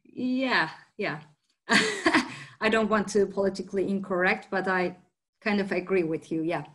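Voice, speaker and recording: A woman interviewing a guest in English, friendly and laughing often, with halting phrasing. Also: mid-range voice, lively intonation, a bit bright. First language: Turkish. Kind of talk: casual interview chat.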